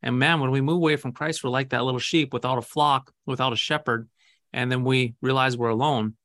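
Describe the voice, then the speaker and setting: A man's voice: medium pitch, steady tone, brisk, fairly bright tone. Earnest, emphatic Lutheran pastor man. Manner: earnest, emphatic, rhetorical questions. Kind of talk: casual conversation about faith.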